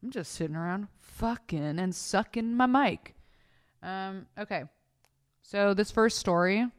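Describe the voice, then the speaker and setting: Her voice is medium-pitched, smooth and unhurried: a young adult woman hosting a podcast from bed, close-miked right in front of her face. She chats casually and profanely through a story, animated and performing the characters' voices.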